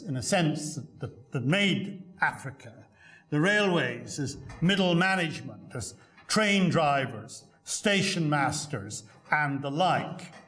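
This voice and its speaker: A man's voice: a little high, a bit bright. Older male professor giving a lecture. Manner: storytelling, dry humour, frequent "uh" and repeated words. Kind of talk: academic lecture with anecdotes. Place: lecture hall at a congress.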